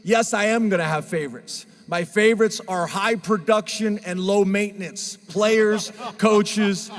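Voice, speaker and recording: A middle-aged head football coach gives an earnest, emotional press conference speech. His voice sits high, and it rings out with a long reverb in the room. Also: fairly even intonation, unhurried, faint music behind. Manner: emotional, earnest, choked up at times.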